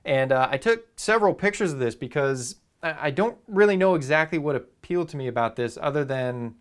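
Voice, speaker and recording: A photography YouTuber from Southern California talks casually to camera in a vlog, rambling in an easygoing way with lots of ums and uhs. His voice is fairly high and expressive, smooth, and fairly quick.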